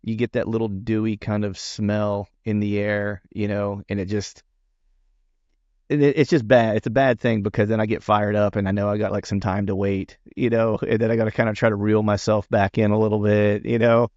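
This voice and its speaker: A man's voice: on the low side, level tone, normal speed, darkish tone, no echo, highs cut off. A man hosting a podcast, talking in a rambling, chatty way with lots of restarts and fillers. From Pennsylvania. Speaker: podcast host. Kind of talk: casual interview chat.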